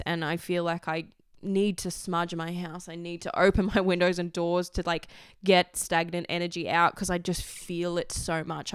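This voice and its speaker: A young Australian woman chats in a loose, rambling, personal way, dropping the odd swear word and laughing easily. Her voice is very smooth and resonant, and it sits close and dry with no room sound around it. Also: on the low side, dry recording. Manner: rambling, candid, swears freely, laughs often. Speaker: vlogger. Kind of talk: casual personal chat.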